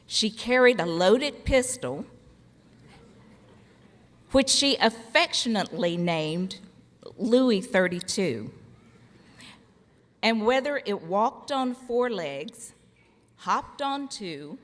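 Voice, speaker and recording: A middle-aged woman delivers a ceremony speech at a podium, unhurried and deliberate, leaving pauses for the audience to laugh. Her voice sits at an ordinary pitch for a woman. It rings out with the long reverb of a large hall. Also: lively intonation. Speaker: commencement speaker, former college faculty member. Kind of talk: formal ceremony speech with humorous storytelling.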